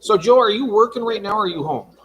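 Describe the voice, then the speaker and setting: A man's voice: high-pitched, animated, fast, a bit bright, slight background noise. A man hosting a casual livestream from his fish room at home, chatting and reading out viewer comments. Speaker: livestream host.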